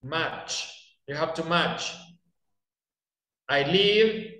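Encouraging teacher in an echoey classroom. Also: male voice, a little high, expressive, drawn-out words, bright, forceful tone. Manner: calls on students by name and praises them. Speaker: English teacher.

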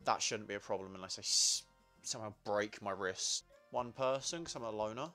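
A man's voice: lowish voice, brisk, sharp tone, soft background music. A young man giving crude, sarcastic, swear-heavy commentary while playing a party video game. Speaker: gamer. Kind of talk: let's play commentary.

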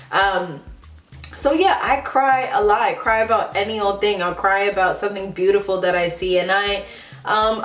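A woman in her late twenties from a Ghanaian family in the United States, talking candidly in a casual vlog and filling her speech with "like.". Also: medium pitch. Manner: chatty and candid, many "like" fillers. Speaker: vlogger. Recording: roomy echo, faint background music.

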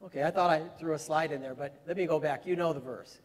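A pastor preaches in a loose, conversational way, climbing to emphatic, ringing lines when he stresses a point. His voice sits fairly high for a man. It carries a long reverb off the walls of a church sanctuary. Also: quick pace. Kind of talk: sermon.

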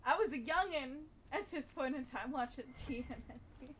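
A woman's voice: high-pitched, lively intonation, moderate pace, fairly bright tone, slight background noise. A woman streaming a game, chatting casually and laughing often. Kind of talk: casual chat while playing.

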